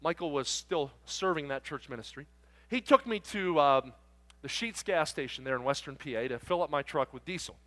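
A male preacher with a high voice tells an animated story from the pulpit, playing out the talk between the people in it. His voice carries a long reverb through a large church. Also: moderate pace. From South Jersey, near Philadelphia. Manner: animated storyteller acting out dialogue. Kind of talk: storytelling sermon.

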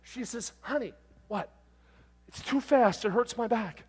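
A middle-aged man preaches a sermon in an extremely high-pitched, husky voice, speaking unhurriedly. He tells a story with acted-out voices, swinging from loud bursts to hushed, tender moments.

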